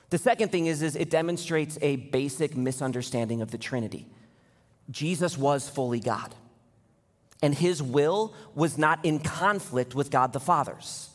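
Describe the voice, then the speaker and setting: Young male pastor, slightly higher voice, lively preaching that swells into emphatic peaks, hall reverb. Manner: animated, rising to intense emphasis. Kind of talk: sermon. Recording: long reverb of a large hall.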